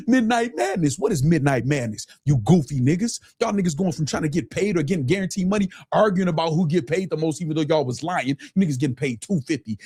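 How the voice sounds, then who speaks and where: Husky man ranting on a stream. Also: a little high, a little mellow. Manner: profane, mocking, repeats phrases. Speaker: streamer with his own platform. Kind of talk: angry livestream rant.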